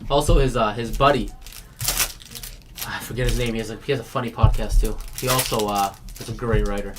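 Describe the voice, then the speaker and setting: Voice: medium pitch, steady tone, a little fast, background noise. A card break host in casual chat, rambling through stories and laughing, then rattling off player names while opening packs.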